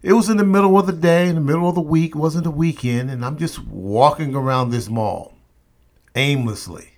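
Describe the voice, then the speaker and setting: A man's voice: on the high side, moderate pace, a little mellow. A man hosting a motivational podcast, telling a personal story emphatically and repeating refrains. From St. Louis area, USA.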